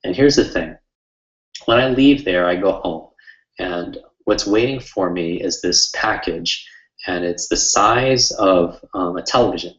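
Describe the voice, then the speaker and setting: Deep-voiced male webinar host, earnest and rambling storyteller; roomy, slightly muffled recording. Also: unhurried, fairly bright tone. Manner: earnest, heartfelt, rambling with many fillers. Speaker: memory coach hosting a webinar. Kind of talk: personal storytelling to an online audience. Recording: roomy, slightly dull sound.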